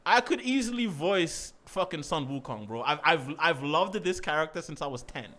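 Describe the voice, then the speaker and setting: A man's voice: a little high, moderate pace. A young man, ranting playfully and swearing while streaming a game. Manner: animated, swearing, playful rants. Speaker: gaming streamer. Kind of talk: casual gaming commentary.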